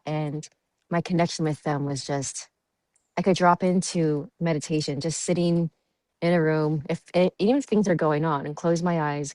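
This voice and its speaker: A woman's voice: sits low, a little mellow, dry recording. A woman guest chatting on a podcast, giggly and dreamy, with many fillers. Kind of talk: casual podcast chat.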